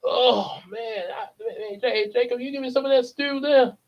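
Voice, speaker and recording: Hungry impatient young esau, a man putting him on, higher and slow, dull lo-fi sound. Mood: greedy. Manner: pleading, then relieved. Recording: dull lo-fi recording.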